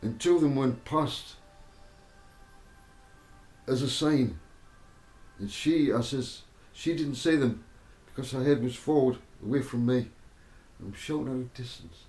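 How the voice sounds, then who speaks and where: A man telling a personal spiritual testimony, halting and repeating himself as he goes. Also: mid-range voice, darkish tone. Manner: halting, repeats words and restarts often. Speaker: storyteller giving a spiritual testimony. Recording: roomy echo with faint music behind.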